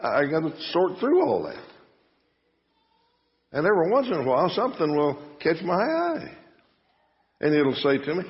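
A pastor giving a conversational sermon full of rhetorical questions and a folksy manner. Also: male voice, on the high side, very animated, moderate pace, long pauses. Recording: muffled sound with long reverb.

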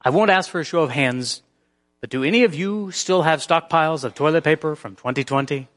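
A man preaching a sermon as pastor. His delivery shifts between hushed, near-whispered passages and emphatic, rising peaks. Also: a little high, a little fast.

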